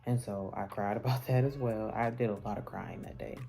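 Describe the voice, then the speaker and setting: A woman's voice: a bass voice, steady tone, brisk, gravelly, warm tone. A woman vlogger telling a personal story in a candid, casual, conversational way, with many fillers and restarts.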